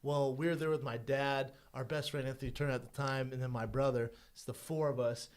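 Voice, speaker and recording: A man's voice: medium pitch, fairly quick. A man co-hosting a podcast, telling a childhood story with acted-out voices. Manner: energetic storyteller acting out voices. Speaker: podcast co-host.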